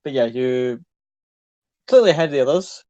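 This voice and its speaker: A man's voice: medium pitch, expressive, normal speed, warm tone, no echo, muffled recording. Brief: male game master, casual rambling scene narration, dry close recording. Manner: loose, rambling description with fillers and swearing.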